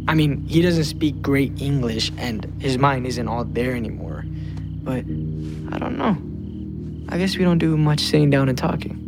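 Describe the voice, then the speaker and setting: A thoughtful teenage boy writer, hesitant and wry in an audio drama, with a mid-pitched voice. Music sits clearly behind him. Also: animated, normal speed. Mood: reflective.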